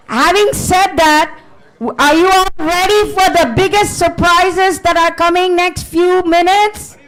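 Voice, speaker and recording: A woman's voice: extremely high pitch, fairly bright tone, poor audio. A woman hosting a live festival, energetically calling out to rouse the crowd. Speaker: festival emcee.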